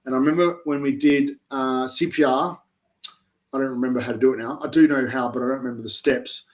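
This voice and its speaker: A young man from South Australia, an army reserve recruit answering interview questions in a casual, animated way with lots of restarts. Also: mid-range voice, fast talker. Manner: animated storyteller with many restarts.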